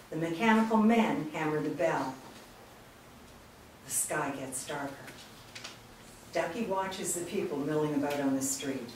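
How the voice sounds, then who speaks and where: A woman's voice: sits low, background noise. A woman reading the stage directions of a screenplay steadily aloud. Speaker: narrator. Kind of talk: screenplay read-through. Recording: echoey room from far off.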